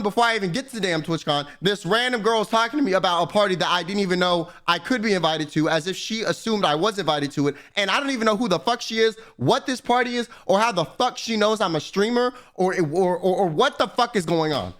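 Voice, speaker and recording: A male streamer telling a story in casual chat, rambling, animated and full of profanity. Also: high voice, a little fast, hardly any pauses.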